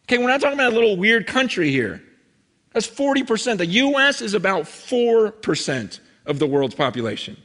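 A man giving a sermon, telling stories in an animated way, acting out quoted voices, with many fillers and restarts, heard in a large hall. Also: high voice, brisk. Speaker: pastor. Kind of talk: sermon with storytelling. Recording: hall with long reverb.

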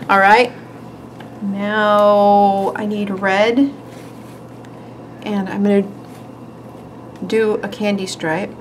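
A woman's voice: mid-range voice, little pitch movement, drawn-out words, pauses often, a little hiss or hum, low-quality recording. Woman host, casual and giggly, narrating hands-on craft work; light room ambience. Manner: chatty, giggly, talks while working. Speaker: nail art tutorial host.

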